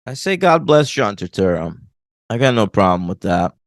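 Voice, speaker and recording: A man co-hosting a film podcast in casual chat, his pitch swinging up and down as he jokes about the movie. The sound is dry and close, with no room behind it. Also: moderate pace, dry recording. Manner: animated, laughs often, mocks movie lines. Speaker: podcast co-host.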